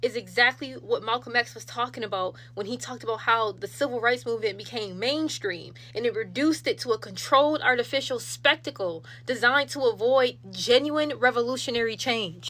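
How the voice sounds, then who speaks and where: A woman giving a blunt, profane, fast-talking commentary straight to her followers. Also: fairly high pitch, pushed and bright. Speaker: social media commentator. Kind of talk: casual direct-to-camera rant. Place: local to Buffalo, New York.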